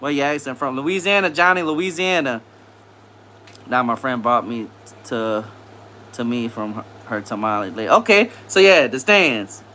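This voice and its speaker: A man hosting a casual live stream, reading viewer comments aloud, greeting people by name and repeating phrases in a relaxed way. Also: mid-range voice, measured pace, slight background noise.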